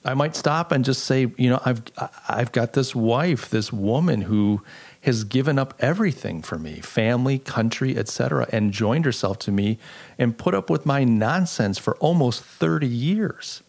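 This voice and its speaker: A man's voice: mid-range voice, animated, normal speed, vocal fry, darkish tone. A middle-aged man hosting a solo podcast, talking in an earnest, reflective way and telling stories with frequent restarts. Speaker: podcast host. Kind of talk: casual solo podcast monologue.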